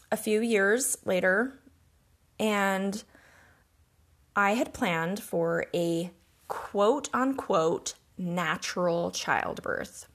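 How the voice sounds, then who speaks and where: A woman hosting a podcast, telling a personal story in an earnest, reflective and emotional way. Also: fairly high pitch. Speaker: podcast host.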